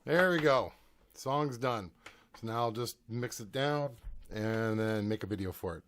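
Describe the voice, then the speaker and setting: A man's voice: medium pitch, measured pace, fairly bright tone, slight background noise. A man talking casually in a home recording vlog, thinking aloud as he demonstrates his gear at his desk.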